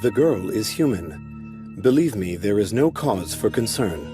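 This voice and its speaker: A man voicing a calm, emotionless golem lord in an anime dub, speaking slowly and solemnly. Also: fairly low pitch, over music. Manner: slow, measured, solemn.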